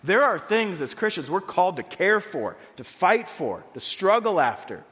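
A pastor preaching a sermon in a conversational way, full of "like"s, going from quiet and low to loud and high. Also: male voice, sing-song, normal speed, big-room sound. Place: church hall.

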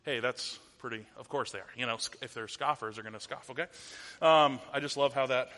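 A man's voice: medium pitch, a little fast, bright, forceful tone. A man in his thirties giving a conversational sermon as a pastor, asking the audience rhetorical questions. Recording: long hall reverb.

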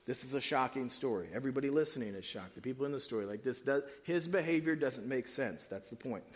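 A man preaching a sermon in a casual, animated way, using slang. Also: mid-range voice, fast talker, in a large hall. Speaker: pastor.

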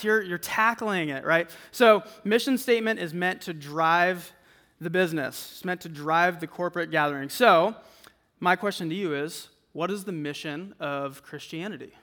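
A campus ministry speaker with a high, bright voice gives a sermon to a student group at a moderate pace. He keeps it relaxed and chatty, using "like" and "right?" often, and the sound rings with a long echo from the hall.

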